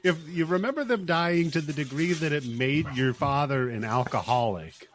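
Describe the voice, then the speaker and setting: A man hosting a podcast, chatting casually and telling deadpan stories with plenty of swearing. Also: a little high, normal speed. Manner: profane, deadpan storytelling. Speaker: podcast host. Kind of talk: casual chat.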